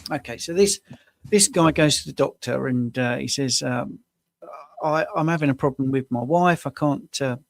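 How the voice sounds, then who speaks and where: A man's voice: mid-range voice, moderate pace, creaky, no echo. A man co-hosting a casual chat, jokey and self-deprecating, telling stories. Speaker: co-host.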